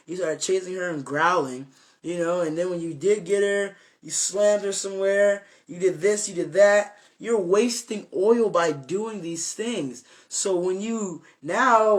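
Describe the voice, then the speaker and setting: Young man, high-pitched voice, informal preaching, earnest, rambling, frequent fillers and restarts. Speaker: self-made preacher. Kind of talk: informal spoken devotional talk.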